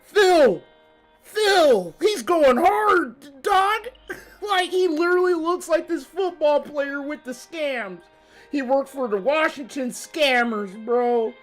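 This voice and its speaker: A woman streamer reacts live to a show, laughing almost nonstop. She talks in profane slang and drawls her words. Her voice sits a little high, with faint music behind her. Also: animated, takes it slowly. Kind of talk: casual live reaction commentary.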